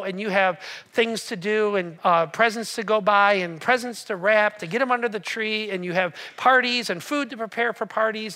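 A man delivers a Christmas-season sermon in a church auditorium, speaking into a stage microphone. His voice sits high and rings bright. He keeps it conversational, tossing jokes and questions to the congregation. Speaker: pastor.

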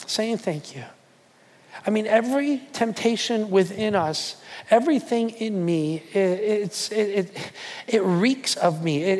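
High-voiced man preaching in a hall. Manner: emphatic and repetitive, sinks to soft prayer. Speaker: pastor. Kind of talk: sermon. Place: church hall.

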